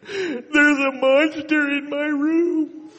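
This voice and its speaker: High, wailing toddler boy, as a pastor puts him on, scared and insistent, in a reverberant hall. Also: fairly even intonation, very slow, a bit bright, dull audio, exaggerated voice. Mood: crying insistent. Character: crying frightened little boy, toddler.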